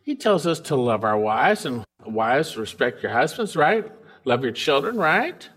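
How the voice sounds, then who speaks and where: A man's voice: sing-song, unhurried, slightly rough. A man preaching a verse-by-verse sermon, reading scripture and then explaining it with emphasis and questions to his listeners. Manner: emphatic, swings from loud highs to quiet lows; reads scripture aloud and asks the congregation questions. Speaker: pastor.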